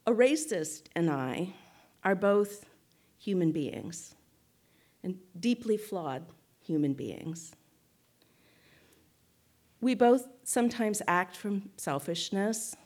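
A woman giving a reflective spoken teaching to a group, measured and thoughtful, often checking in with "right?" and restarting phrases. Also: lowish voice, a little mellow. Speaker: guest speaker.

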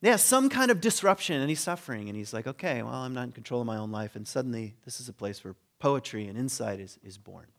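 A man's voice: medium pitch, quick pace, gravelly, few pauses. A man giving a conversational sermon, telling a story with humor and briefly acting out the characters' lines. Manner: animated storytelling, acting out quoted voices with humor. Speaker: preacher.

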